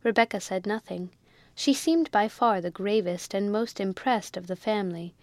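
A woman reading a classic novel aloud in a measured, even way. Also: mid-range voice, no room sound. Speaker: audiobook narrator. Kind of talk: scripted narration.

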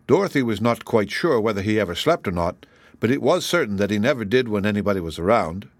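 A man narrating an audiobook in an expressive storytelling manner. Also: lowish voice, quick pace, no echo.

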